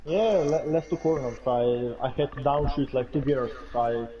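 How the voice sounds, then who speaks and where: A man, a racing driver, answers after a race in short, halting bursts and starts over often. His voice sits mid-range. The line sounds dull and lo-fi, with a faint hiss. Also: medium pitch, dark tone. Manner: halting, stop-start phrasing. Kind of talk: post-race interview.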